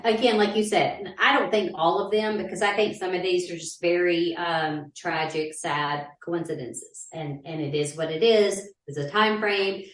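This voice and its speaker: A woman, co-hosting a casual podcast, blunt and animated. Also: moderate pace, hardly any pauses, reverberant, recorded from a distance. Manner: animated, swinging pitch, blunt and profane. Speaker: podcast co-host. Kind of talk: casual chat.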